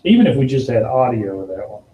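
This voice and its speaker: A man hosting a podcast tells an animated story in a mellow, relaxed voice. He acts out the people in it with lively shifts in tone. The recording has a roomy echo. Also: fast talker. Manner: animated storyteller, acts out quotes in a higher voice, laughs often. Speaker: podcast host. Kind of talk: casual storytelling chat.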